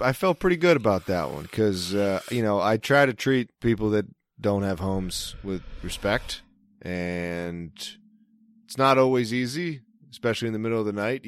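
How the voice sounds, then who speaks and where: Low-voiced man telling a rambling story. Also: dry recording, clean studio sound. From Maryland. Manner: rambling, profane, self-interrupting. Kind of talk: casual storytelling chat.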